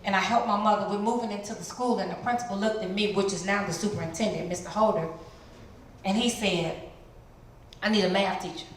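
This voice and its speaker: A middle-aged woman from the Chicago area giving an animated testimony as a guest speaker in a church, jumping into high voices to act out what people said. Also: quick pace. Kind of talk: testimony sermon. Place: large church hall. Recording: very echoey church hall, some noise.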